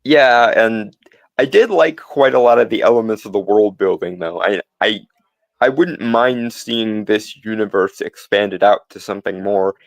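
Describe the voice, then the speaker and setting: A man with a low voice and a gravelly edge talks through his views in casual podcast chat. He meanders, restarts his sentences and leans on fillers. The sound is close and dry. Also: no room sound. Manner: musing, halting, many restarts and fillers. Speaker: podcast co-host.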